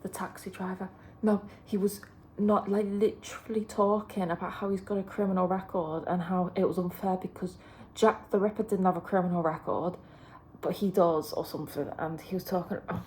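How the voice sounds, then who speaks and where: A woman's voice: on the low side, fairly even intonation, moderate pace, darkish tone, a little hiss or hum. A woman vlogging from a hotel room, rambling chattily with plenty of fillers. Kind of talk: casual chat to camera.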